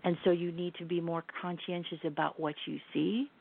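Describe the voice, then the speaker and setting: A middle-aged woman with a low, gravelly voice speaks earnestly and reflectively as a guest, often restarting her sentences. The sound comes through a tinny phone line. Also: little pitch movement, normal speed. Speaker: guest, lifestyle brand founder. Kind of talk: casual interview chat.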